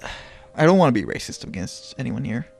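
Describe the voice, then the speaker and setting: Young man, casual podcast chat, animated pitch, blunt, voice going hoarse, faint music behind. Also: quick pace. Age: 20s. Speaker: podcast co-host.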